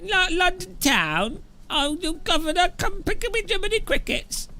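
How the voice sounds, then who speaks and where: A man's voice: very high-pitched, sing-song, moderate pace, sharp tone, soft background music, voice pushed up, exaggerated voice. A man voicing a rowdy, leering Cockney geezer, with a put-on Cockney accent and a brash, taunting manner.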